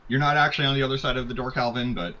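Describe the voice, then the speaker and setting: A man running a tabletop game as game master, relaxed and full of ums and uhs, on a muffled lo-fi recording. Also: mid-range voice, rapid-fire. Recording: muffled lo-fi audio.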